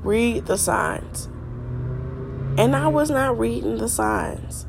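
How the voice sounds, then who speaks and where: A woman's voice: on the high side, lively intonation, slow pace, vocal fry, noisy background. A middle-aged woman hosting a faith podcast, stuffy and congested from a cold, earnestly repeating her points like a preacher. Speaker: podcast host.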